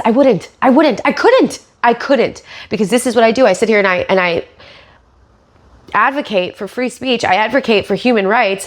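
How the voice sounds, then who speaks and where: A woman podcast host and stand-up comic giving sarcastic, profane commentary. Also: on the high side.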